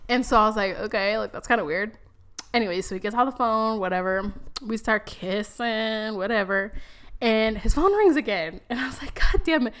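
A woman's voice: mid-range voice, normal speed, fairly bright tone, smooth. A woman co-hosting a casual podcast, telling stories candidly with lots of laughter and cursing. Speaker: podcast co-host. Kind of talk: casual chat.

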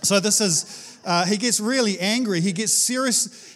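A male preacher giving a casual, conversational sermon, animated and chatty, with frequent restarts. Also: sits high, a little slow.

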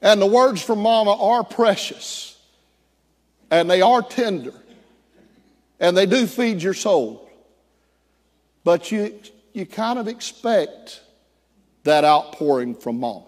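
A man's voice: sits high, slow, long pauses, big-room sound. A man preaching a sermon, telling a story and acting out the voices of the people in it. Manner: animated, acts out quoted voices. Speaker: pastor.

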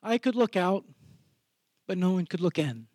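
A man telling a serious personal story on a theater stage in a measured, reflective way. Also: sits high, lively intonation, a little mellow, dry recording.

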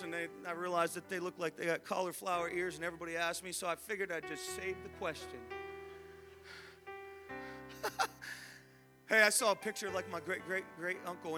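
A man in his thirties, an evangelist telling a story in a sermon. He swings from hushed asides to shouted re-enactments. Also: high voice. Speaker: evangelist preacher.

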